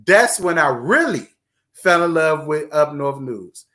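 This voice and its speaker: Reading viewer comments on his casual livestream, an animated man from Virginia talks a little slowly in a raised pitch. He's chatty and repeats things with emphasis as host of the live chat.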